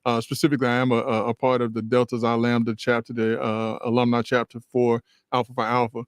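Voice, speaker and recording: A man's voice: medium pitch, flat delivery, fast talker, clean tone, no room sound, clean studio sound. A man co-hosting a radio talk show, earnest, restarting often and stacking points in repeated phrases. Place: radio studio.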